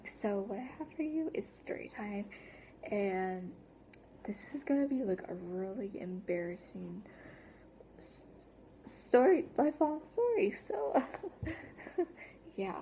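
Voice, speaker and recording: A woman's voice: medium pitch, big pitch swings, takes it slowly, pauses often, dark tone, a little hiss or hum. A teenage girl telling a story on her vlog in a rambling way, with lots of fillers, often dropping to a whisper. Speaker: vlogger. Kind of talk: casual story-time vlog.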